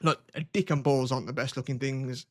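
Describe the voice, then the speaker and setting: A man's voice: mid-range voice, steady tone, brisk, no echo, studio quality. A young man hosting a podcast, telling crude rambling stories in casual chat. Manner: rambling storytelling, swears a lot. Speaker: podcast host.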